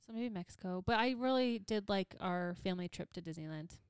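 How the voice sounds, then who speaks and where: A woman's voice: medium pitch, fairly quick, clean tone, no echo, clean studio sound. A young adult woman co-hosting a casual podcast chat, laughing often and teasing her friends. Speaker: podcast co-host.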